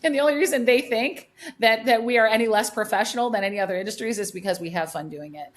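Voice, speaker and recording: A woman's voice: a little high, quick pace. A middle-aged woman, a hairdresser and educator, telling stories emphatically in a podcast conversation, with many restarts and repeats.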